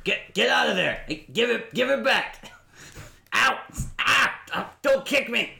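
A man's voice: extremely high pitch, lively intonation, unhurried, gravelly, sharp tone, roomy sound, pitched above the performer's own voice, exaggerated voice. A man voicing a scruffy, nervous townsman who yelps and panics in a tabletop game. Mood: panicked. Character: scruffy nervous male townsman caught by a horse.

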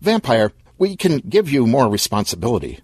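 A man's voice: mid-range voice, sing-song, moderate pace, darkish tone, slightly rough, no echo. A man voicing a panicky, clumsy young gamer in an audio story, frantic and pleading.

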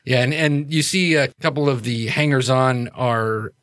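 A man's voice: mid-range voice, measured pace, a bit bright, dry recording, studio quality. Man narrating as game master. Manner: casual, many fillers and restarts.

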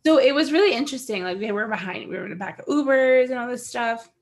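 Quick-paced and on the high side, this young American podcast co-host chats casually through a travel story. Full of laughter, she tells it animatedly and acts out the quotes.

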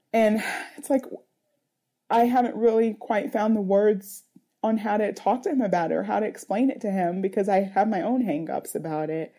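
A mother in her thirties talks things through in a personal interview. Her voice is deeply mellow and dark, and she pauses often to find her words. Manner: earnest, searching, with many fillers.

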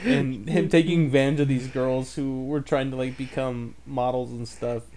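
A man's voice: mid-range voice, steady tone, moderate pace, a crowd in the background. Wry, sarcastic man as podcast co-host. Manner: wry, sarcastic reactions, jumps in with questions. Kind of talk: casual podcast chat.

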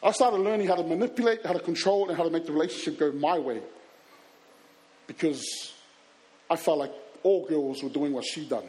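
A man telling personal stories to a live audience, animated and acting out scenes and voices. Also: on the high side, fairly quick. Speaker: youth speaker. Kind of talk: storytelling talk to an audience.

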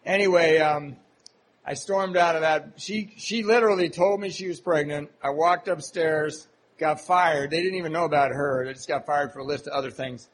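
A man from the US Pacific Northwest telling his recovery story to a meeting, candid and self-deprecating, often halting with fillers. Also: a little high, a little hiss or hum, low-quality recording. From Seattle, Washington, USA. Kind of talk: personal recovery story told to a live audience.

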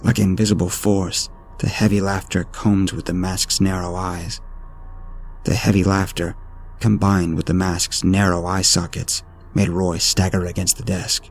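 A man narrating a horror story in a steady, ominous storytelling manner. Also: sits low, measured pace. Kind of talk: scripted narration. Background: faint music.

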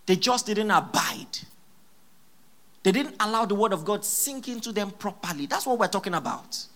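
A pastor preaching a sermon in church, emphatic and repeating key phrases, with sudden loud exclamations. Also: mid-range voice, lively intonation, moderate pace.

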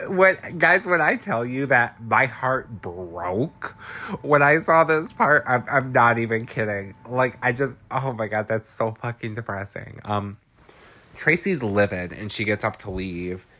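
A man's voice: on the low side, lively intonation, a little slow, pushed and bright. A man hosting a podcast, recapping a film in chatty, slangy casual talk with lots of filler words. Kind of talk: casual chat.

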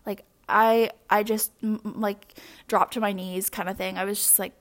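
A woman's voice: medium pitch, little pitch movement, moderate pace. Candid young woman rambling openly. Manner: candid, rambling, with frequent fillers and restarts. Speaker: podcast host. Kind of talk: personal confessional monologue.

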